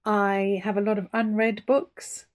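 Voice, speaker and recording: A woman's voice: mid-range voice, level tone, a little slow. Chatty woman in her fifties. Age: 50s. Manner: chatty, hesitant with frequent ums. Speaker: book vlogger. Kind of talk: casual chat to camera. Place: small home bedroom with books.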